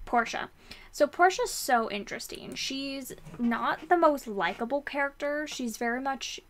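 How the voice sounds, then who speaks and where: A young woman talks through her reading month in a loose, chatty way, circling back and restarting her thoughts. Her voice sits a little high and she fills the pauses with ums. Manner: chatty, rambling, lots of fillers and restarts. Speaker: book vlogger. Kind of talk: casual book review chat.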